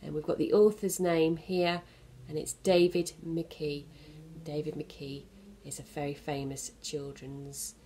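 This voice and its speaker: A woman at a children's centre reading a picture book aloud to young children, pausing to explain the story gently. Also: sits low, level tone, slight background noise.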